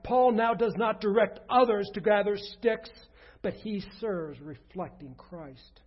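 High, husky-voiced male pastor preaching. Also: measured pace, muffled recording. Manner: earnest, often dropping to a soft low voice. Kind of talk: sermon.

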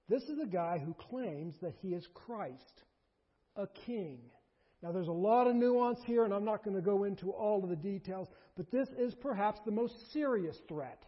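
A man preaching a sermon in an animated way, surging to emphatic bursts and dropping low, recorded in a large hall. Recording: dull lo-fi recording in a reverberant hall.

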